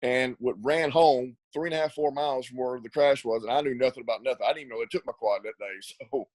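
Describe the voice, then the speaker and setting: A quick, chatty middle-aged man tells racing-trip stories in a rambling way, stumbling over repeated words and laughing as he goes. His voice is close and dry, with no room sound around it. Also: medium pitch, a little mellow, no echo, rough recording. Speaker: ATV racer and riding school coach. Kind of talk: casual storytelling interview.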